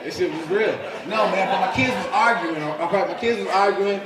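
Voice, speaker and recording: A man's voice: high voice, fairly quick, a crowd in the background. A man in his forties performing a live stand-up comedy set, profane and punchy. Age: 40s. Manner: profane, loud punchy delivery with frequent "you know what I'm saying". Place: comedy club stage with audience laughing. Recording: roomy live club sound from a distance.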